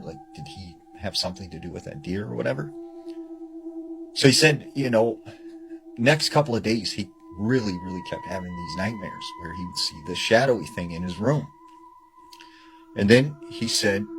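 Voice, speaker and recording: A fairly low-pitched man tells a scary story he picked up from someone else, keeping it casual and talkative with plenty of "like" and "you know." The recording is low quality, and music runs under his voice.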